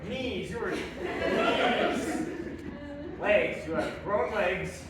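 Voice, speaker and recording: A man's voice: high voice, animated, drawn-out words, heavy background noise. A young man performing live improv comedy, trading playful mock-indignant insults and guessing words while laughing. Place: small campus theater stage. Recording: echoey theater, mic from a distance, loud audience. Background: loud audience laughter.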